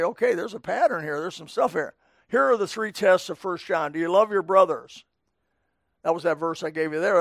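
A man's voice: sits high, gravelly, a bit bright, no echo, clean studio sound. A middle-aged male pastor preaching a midweek sermon to his congregation, in a folksy, conversational way with asides to the people in front of him. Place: church sanctuary.

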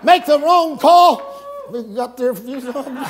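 A middle-aged man preaching a camp meeting sermon, folksy and joking, breaking into shouts. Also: extremely high pitch, takes it slowly, a little hiss or hum. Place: church camp meeting with congregation.

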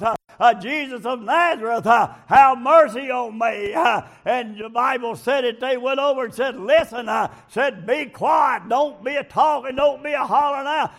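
A man preaching a sermon, leaning on a filler before each phrase and building up to shouting. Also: extremely high pitch.

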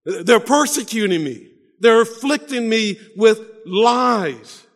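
A man with a high voice preaching slowly and deliberately, pressing each point with repeated phrases and doubled-up restarts. His voice rings out with a long hall reverb around it. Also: expressive, fairly bright tone. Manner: preaching with emphatic repetitions and stammered restarts. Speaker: pastor. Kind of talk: sermon.

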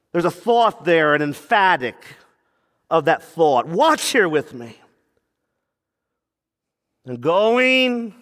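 In a large, long-reverberating hall, a high-pitched male preacher works through an expository sermon. He swings from soft asides to full-volume preaching, prompting the congregation for responses and repeating key phrases for emphasis.

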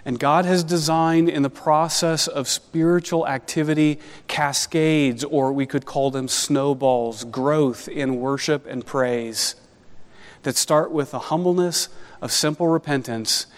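A man preaching an expository sermon as pastor, animated and conversational with wry asides. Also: on the high side, a little slow, big-room sound.

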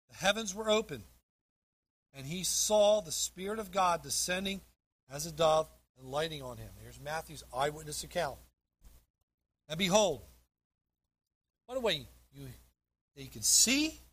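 A man with a high, husky voice delivers a sermon from the pulpit. He reads scripture aloud verse by verse and leans hard on the words he wants to land. His preaching is emphatic and direct. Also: fairly bright tone. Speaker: pastor.

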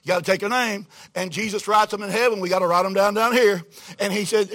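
High, bright-voiced folksy preacher. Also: male voice, quick pace. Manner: folksy, animated, swings from hushed quotes to loud exclamations. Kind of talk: storytelling sermon. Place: church before a congregation.

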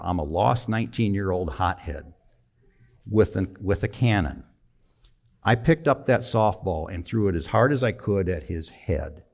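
A man in his sixties preaches through a personal story in a lowish voice. He talks plainly and conversationally, pushes hard on key words, then falls to a low, quiet tone. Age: 60s. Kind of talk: storytelling sermon.

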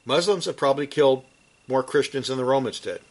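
Teaching from scripture, this male preacher delivers his sermon emphatically, building to forceful high points before falling back to a low, quiet register. He talks fairly quickly.

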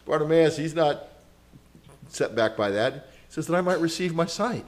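A man delivers a sermon with a somewhat high-pitched voice, earnest and conversational. He swings from ringing exclamations down to hushed, close retellings, dropping in casual asides and small chuckles along the way. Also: lively intonation, moderate pace. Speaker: preacher.

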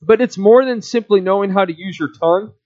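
A man preaching a sermon in a measured, deliberate teaching manner. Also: sits high, a little mellow, highs cut off. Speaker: pastor.

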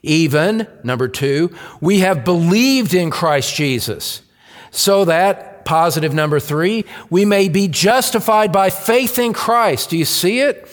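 A male pastor delivers a sermon at an unhurried, measured pace, repeating his key phrases for weight. His voice sits a little high. The sound carries the long reverb of a church hall. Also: expressive. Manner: slow, deliberate preaching with emphatic repetition.

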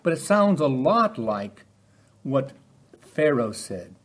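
Husky guy giving a sermon, chatty, keeps asking the congregation questions. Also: mid-range voice, sing-song, slow pace. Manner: conversational, asks the listeners rhetorical questions. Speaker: preacher.

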